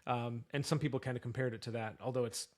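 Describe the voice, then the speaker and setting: A man co-hosting a casual nutrition podcast, talking in a playful, halting way and trying out impressions. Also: mid-range voice, steady tone. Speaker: podcast co-host, nutrition coach.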